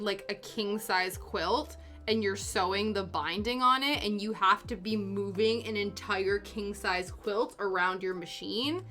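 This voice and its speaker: A young woman talks casually while she works on a craft, her pitch rising and falling with lively animation. She mocks herself and laughs easily. Soft music plays faintly behind her voice. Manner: chatty, self-deprecating, laughs often. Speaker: craft streamer. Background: soft background music.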